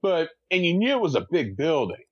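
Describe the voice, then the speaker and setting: A man's voice: fairly high pitch, very animated, brisk, slightly rough, no room sound. Enthusiastic male podcast co-host, dull and dry sound. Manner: enthusiastic, laughs along. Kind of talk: casual podcast chat.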